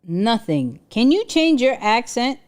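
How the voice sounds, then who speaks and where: A young adult woman hosting a casual livestream, animated and exclaiming, often restarting her sentences. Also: on the high side, unhurried. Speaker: livestream host.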